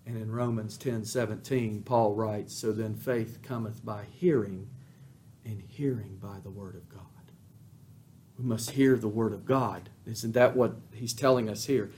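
A man preaching a sermon as pastor, fervent, swelling loud on emphatic lines and dropping soft on quiet ones. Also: lowish voice, steady tone, measured pace.

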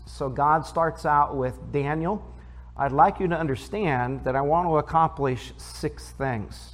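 A man preaches a teaching sermon at a middle pitch. He reads scripture aloud, then breaks it down in plain conversational talk. He often stops to put questions to the congregation. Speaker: pastor.

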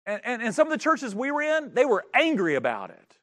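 A pastor telling a funny, self-mocking story during a sermon. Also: male voice, very high-pitched, huge pitch swings, fairly quick, fairly bright tone.

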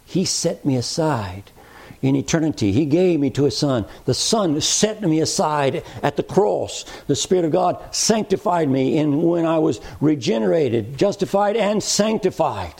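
A preacher delivers a sermon in a gravelly, slightly husky voice that sits a little high for a man. He builds his points with rising, emphatic cadences. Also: lively intonation, a little slow, a little mellow. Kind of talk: expository sermon.

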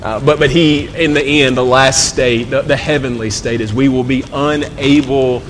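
A pastor with a mid-range voice preaches earnestly and conversationally, stumbling and repeating words as he works toward his point. His fairly bright voice holds a fairly even intonation at a moderate pace, ringing with the long reverb of a large hall over a faint low rumble.

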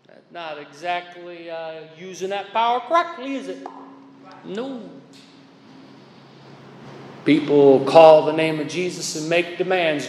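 A man's voice: high-pitched, expressive, takes it slowly. A man preaching a chapel sermon in a folksy, emphatic way, spelling out words to make his point. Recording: echoey chapel with long reverb.

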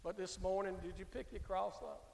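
A man, a pastor preaching a sermon. He swings from loud shouting to hushed, soft pleading. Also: high voice, steady tone, a little fast, creaky, slight background noise. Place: church sanctuary. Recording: echoey church hall.

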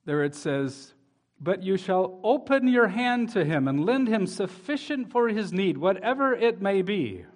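A man's voice: high-pitched, very animated, unhurried. A man preaching a sermon as pastor, reading scripture aloud and speaking to the children in the congregation with rising emphasis.

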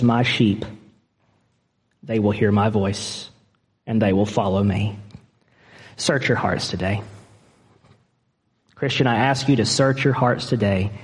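A male pastor delivers a sermon with earnest, impassioned conviction, his voice sitting at an ordinary middle pitch. The sound carries the long reverb of a large church hall. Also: darkish tone. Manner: earnest and impassioned, growing emotional.

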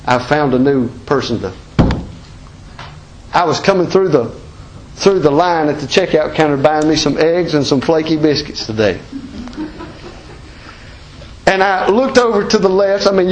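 A man's voice: fairly high pitch, slight background noise, rough recording. A man with a Southern American accent preaching a sermon as pastor, folksy and emphatic, full of rhetorical questions.

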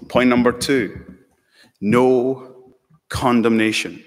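Male pastor preaching a sermon, deliberate and emphatic, mid-pitched, recorded with a long hall reverb. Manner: slow and emphatic, building to fervent peaks.

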